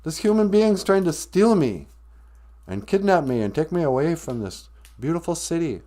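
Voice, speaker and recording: A man voicing a panicky talking goose that lays golden eggs, shrill and pleading. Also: expressive, measured pace, dark tone, close to an everyday voice. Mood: panicked.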